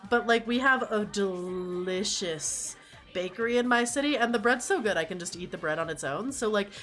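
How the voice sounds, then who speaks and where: A woman's voice: mid-range voice, moderate pace, a bit bright, faint music behind. A young woman hosting her stream, chatting casually, telling stories with lots of "like" and laughing often. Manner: chatty storyteller, laughs a lot, fills with "like". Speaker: streamer host. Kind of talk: casual chat.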